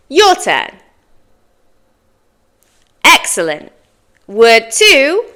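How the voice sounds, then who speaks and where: A British woman teaching English pronunciation, modeling words slowly and clearly and praising the listener after each try. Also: a little high, sing-song, pushed and bright. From Britain. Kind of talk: pronunciation lesson.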